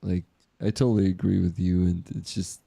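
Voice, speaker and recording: A man's voice: deep voice, little pitch movement, fairly quick, vocal fry, warm tone, slightly rough, no room sound. A man hosting a casual livestream, laid back and reading out chat messages. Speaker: host.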